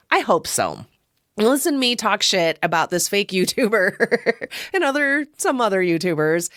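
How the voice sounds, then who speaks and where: A woman's voice: lowish voice, fairly bright tone, clean tone, no echo, clean studio sound. A woman hosting her own podcast, giving a casual, rambling film review with frequent chuckles and self-deprecating asides. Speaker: podcast host.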